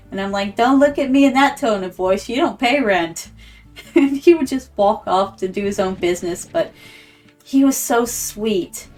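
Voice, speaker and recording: A woman streamer chatting casually and telling a story while she plays a game, acting out the voices of the people in it. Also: medium pitch. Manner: chatty, acts out quoted voices. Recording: slightly distant mic with background music.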